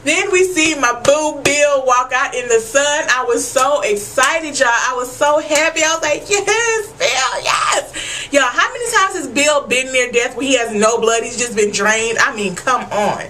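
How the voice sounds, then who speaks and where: A woman with a high, bright voice recapping a TV episode for her vlog audience. She is animated and emphatic, swears freely and keeps calling out to the viewers. Her tone stays sharp and forward. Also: moderate pace, few pauses, slight background noise, rough recording. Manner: animated, profane and emphatic, addressing viewers as y'all. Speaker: TV episode reviewer.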